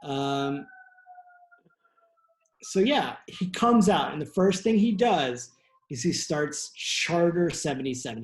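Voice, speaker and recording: A man's voice: a little high, slight background noise. A man, a playwright, tells a history story in a loose, rambling, profane comic style with many restarts. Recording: echoey room.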